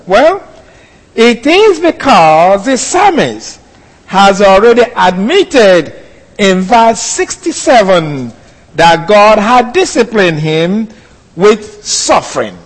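A male pastor preaching a sermon with slow, emphatic, deliberate delivery. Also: high-pitched, very animated. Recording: long hall reverb.

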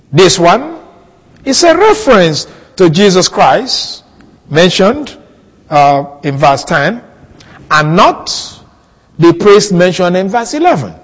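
A man teaching a Bible passage in a sermon, slow and deliberate, repeating key words for emphasis. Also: on the high side, big-room sound, rough recording. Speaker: preacher.

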